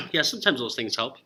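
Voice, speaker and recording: A man's voice: fairly high pitch, sharp tone, husky. A man teaching a college reading class, explaining ideas informally and calling on students by name. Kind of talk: classroom lecture.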